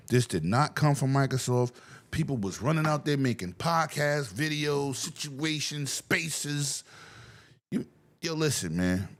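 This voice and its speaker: A male podcast host in casual gaming chat. His pitch swings widely as he talks. He is loose and profane and breaks into loud laughs. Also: moderate pace. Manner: animated, profane, laughs loudly.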